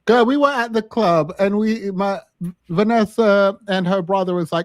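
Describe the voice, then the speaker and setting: Co-host, man, high voice, dry close sound, lively storyteller. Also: moderate pace, no echo. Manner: animated storytelling with laughs. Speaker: podcast co-host. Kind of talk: casual chat.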